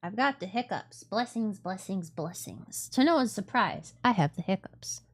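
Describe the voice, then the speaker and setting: A woman's voice: medium pitch, expressive, normal speed. A woman streaming a video game, chatting casually in a rambling, self-deprecating way with lots of giggles.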